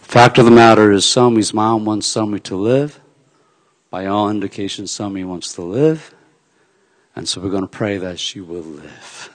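A man preaching a sermon, dropping to a hush and then rising to loud, emphatic peaks. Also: on the low side, steady tone, normal speed. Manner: swings from hushed to loud and emphatic. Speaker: pastor. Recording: long hall reverb.

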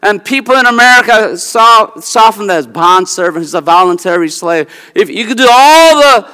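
A pastor delivering an emphatic, teaching-style sermon that walks through logic step by step. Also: male voice, high-pitched, lively intonation, normal speed, bright, forceful tone, clear, resonant tone, in a large hall.

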